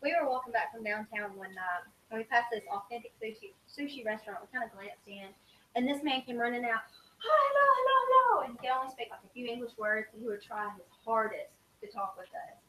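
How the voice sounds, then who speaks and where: A woman's voice: fairly high pitch, fast. Woman telling a story from across an echoey room. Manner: animated, acts out quoted lines. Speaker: student speaker sharing travel stories. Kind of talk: casual storytelling to a group. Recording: echoey room from a distance, faint hiss.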